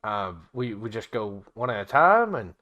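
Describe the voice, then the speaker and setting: A man voicing a large, eager, clumsy male goblin underling with a high, yelping voice. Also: very animated, normal speed, lo-fi sound. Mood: excited.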